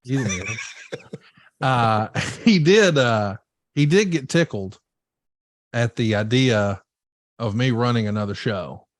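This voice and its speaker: A man's voice: mid-range voice, takes it slowly, pauses often, dry recording. A middle-aged man with a mid-range voice co-hosts a podcast, acting out other people's lines as he tells stories. His voice sounds dry and close. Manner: animated storyteller acting out quotes. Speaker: podcast co-host and show promoter. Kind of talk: casual podcast chat.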